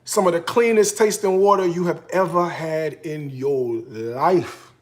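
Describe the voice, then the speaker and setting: A man hosts a relaxed cooking show and talks straight to his audience, teasing them in a playful way. He grew up in Chicago. His voice sits a little high for a man. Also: measured pace, reverberant. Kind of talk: casual live cooking chat to viewers.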